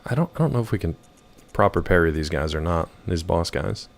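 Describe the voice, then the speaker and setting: A hoarse man chatting casually and joking with viewers while he plays a video game. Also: low voice, animated, brisk. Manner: joking, rambling, chats with viewers. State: hoarse from yelling. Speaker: gaming streamer. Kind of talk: casual gameplay commentary.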